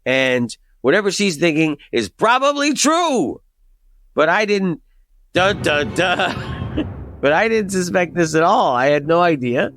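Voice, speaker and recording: A man in his fifties telling a comic personal story, animated and profane, acting out the people in it. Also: high-pitched, unhurried, a little hiss or hum. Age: 50s. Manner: animated, profane, acts out quoted voices. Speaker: storyteller guest.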